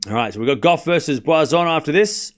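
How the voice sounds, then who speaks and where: A man's voice: a little high, expressive, fairly quick. Chatty Australian man calling tennis. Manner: rambling and chatty, calling scores between asides. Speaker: host doing live tennis commentary. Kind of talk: casual live-stream commentary.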